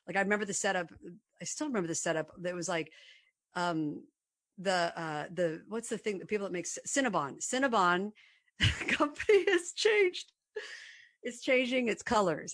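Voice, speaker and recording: A woman and former sketch comedy performer, chatting in a rambling, self-deprecating way as a guest. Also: lowish voice. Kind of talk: casual conversation.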